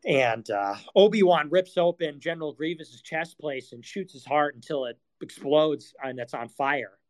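A man's voice: fairly high pitch, animated, moderate pace, low-quality recording. A man hosting his own live talk, ranting sarcastically and swearing often, mocking others in whiny voices. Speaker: streamer hosting live audio spaces. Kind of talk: casual monologue.

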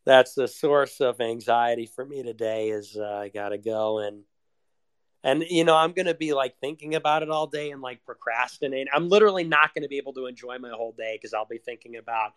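A man's voice: medium pitch, brisk, a bit bright, smooth, no echo, clean studio sound. A young man in a casual confessional monologue, rambling and self-deprecating, with frequent swearing. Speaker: vlogger.

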